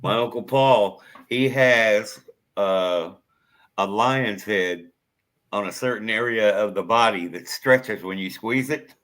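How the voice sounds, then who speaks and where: A man's voice: on the low side, slow, fairly bright tone. A man bantering and joking in a casual chat.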